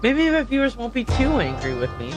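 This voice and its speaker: A woman's voice: fairly high pitch, big pitch swings, brisk, over music. A woman doing an eager young cryptid vlogger. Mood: upbeat.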